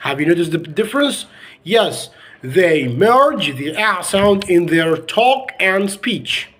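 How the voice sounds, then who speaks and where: Slow, emphatic Egyptian English teacher. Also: male voice, high-pitched, sing-song, a bit bright. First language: Arabic. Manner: slow, emphatic, repeating words for drill. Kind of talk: online English pronunciation lesson.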